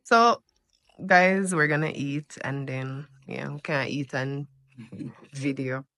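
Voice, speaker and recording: A woman's voice: extremely low pitch, slow pace, a bit bright, dry recording, studio quality. A Jamaican woman hosting a family vlog, talking in a chatty, upbeat way and laughing easily. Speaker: vlog host. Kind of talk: casual vlog narration.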